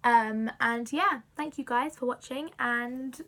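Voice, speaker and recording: A young woman excitedly telling a story to camera, gushing and full of fillers. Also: on the high side, slow. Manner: breathless, gushing, many fillers like "like". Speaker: vlogger.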